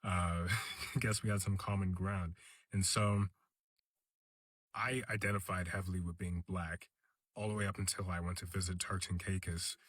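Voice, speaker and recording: Deep, flat-voiced English man. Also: normal speed, slightly rough, dry recording. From England. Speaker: vlogger. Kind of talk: reflective personal storytelling.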